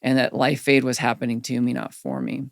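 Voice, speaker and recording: A middle-aged man, a guest on a podcast, candidly telling personal stories in an earnest, animated way. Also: mid-range voice, fairly quick, creaky, no room sound, studio quality. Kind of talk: reflective storytelling in a podcast interview.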